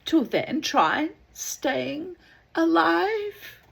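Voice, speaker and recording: A woman's voice: high voice, very animated, very slow, creaky, pitched above the performer's own voice, full character voice. A woman voicing a fussy, sick man in a comic poem who talks in a prim, patient way. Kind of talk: comic poem read aloud.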